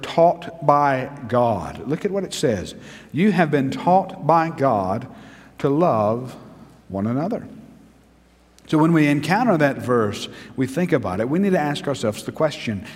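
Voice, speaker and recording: A man preaching a sermon as pastor, repeating key phrases for emphasis and dropping to a hushed tone. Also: on the high side, in a large hall.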